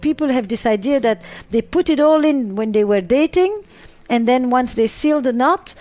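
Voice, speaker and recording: A woman's voice: sits high, animated, moderate pace, a little mellow. A middle-aged woman psychotherapist answering interview questions, driving points home with repeated phrases and lists.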